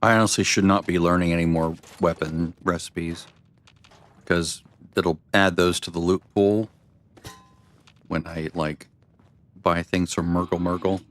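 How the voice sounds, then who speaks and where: A man's voice: low-pitched, steady tone, a little slow, pauses often. A man streaming a video game, talking through it in rambling, self-deprecating casual commentary.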